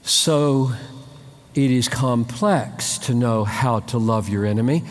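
A man's voice: mid-range voice, takes it slowly, in a large hall. A man preaching a sermon. He speaks with emphasis, repeats key phrases, and acts out short exchanges between people. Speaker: pastor.

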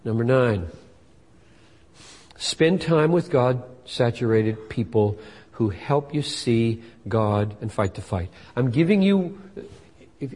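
Older male pastor, sixties, earnest animated sermon, mellow tone, long hall reverb. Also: medium pitch. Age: 60s. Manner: earnest and animated, voice rising for quoted scripture.

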